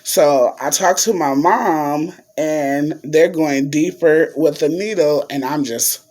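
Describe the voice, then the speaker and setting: A woman's voice: sits low, slow pace, a little mellow. A young woman vlogger, chatting to viewers, full of fillers and y'all. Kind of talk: casual storytelling to viewers.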